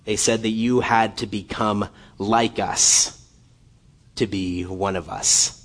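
A man preaching a sermon as a guest speaker, passionate and building from quiet to fervent, often repeating and restarting his words. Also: on the low side, fairly even intonation, slow.

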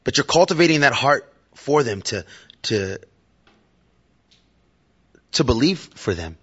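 A man's voice: medium pitch, big pitch swings, unhurried, a bit bright, slightly rough, lo-fi sound. A man giving a casual, conversational sermon to his church and joking with the audience. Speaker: lay preacher. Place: church hall.

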